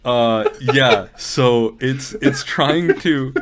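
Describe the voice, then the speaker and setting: A man with a medium-pitched voice speaks extremely slowly over crowd noise. As game master in a tabletop role-playing game, he narrates scenes loosely, filling his retelling with lots of ums and likes.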